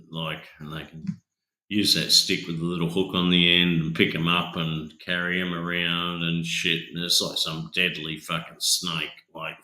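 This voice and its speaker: A man's voice: deep voice, sharp tone. An Australian man in casual chat, rambling and emphatic, swearing constantly. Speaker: host. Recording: echoey room.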